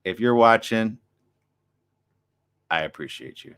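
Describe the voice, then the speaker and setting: Animated, excitable male talk show host. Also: lowish voice, slow pace, clean tone. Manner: reads viewer comments aloud. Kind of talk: live streamed talk show chat.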